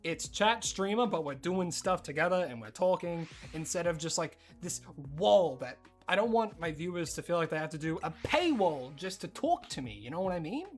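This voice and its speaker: A streamer with an Australian accent, chatting casually and rambling while playing, breaking into excited disbelief. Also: medium pitch, moderate pace, few pauses, faint music behind. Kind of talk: casual live-stream chat while gaming.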